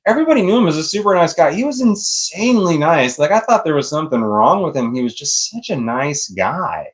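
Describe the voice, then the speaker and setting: A man's voice: a little high, very animated, fairly quick. A middle-aged man casually telling a long personal story, rambling, swearing freely and laughing often. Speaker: vlogger.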